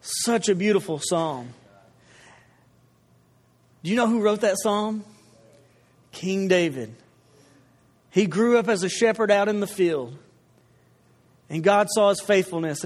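A man preaching a sermon, talking conversationally and telling stories with asides to the congregation. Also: high voice. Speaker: pastor. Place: church hall. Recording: long reverb of a large hall.

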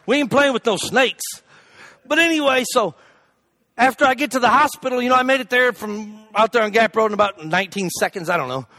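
A man preaching a humorous sermon, telling a story in an animated, jokey way with loud shouted asides. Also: extremely high pitch, a little fast, no room sound.

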